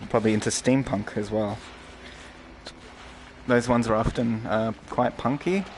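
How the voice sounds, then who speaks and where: A man's voice: mid-range voice, fairly even intonation, unhurried, slight background noise. A man streaming a VR game, who riffs in crude, rambling jokes as he plays. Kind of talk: casual game commentary.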